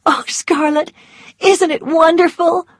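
A woman voicing a gentle, delicate young wife in an audiobook reading, soft and earnest. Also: mid-range voice, unhurried, husky, no room sound. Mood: joyful.

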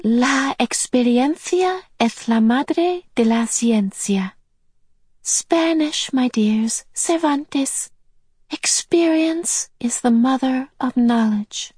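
A woman voicing a quaint old female being who whispers proverbs in a high, airy voice. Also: expressive, takes it slowly, darkish tone, breathy edge, dry recording, studio quality, exaggerated voice. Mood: wise.

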